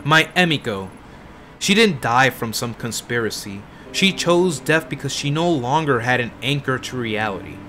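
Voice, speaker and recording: A man doing a tired, husky old woman. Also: mid-range voice, lively intonation, normal speed, sharp tone, slight background noise. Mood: bitter. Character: weary older woman, grieving former cult member.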